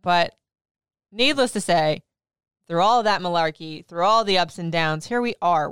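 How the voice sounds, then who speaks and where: A woman in her thirties talks candidly and with plenty of laughter. Her voice sits a little low and is very smooth and clean. It is recorded dry and close, with no room sound. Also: normal speed, no echo. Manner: candid, laughing, lively storytelling. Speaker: podcast host. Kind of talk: casual personal chat.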